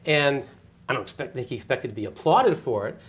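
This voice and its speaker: An older man giving an oral history interview, telling stories with energy and acting out the people he quotes. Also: medium pitch. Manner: animated storyteller, quick, acts out quoted voices with laughs. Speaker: interviewee, former communications director. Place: office interview setting.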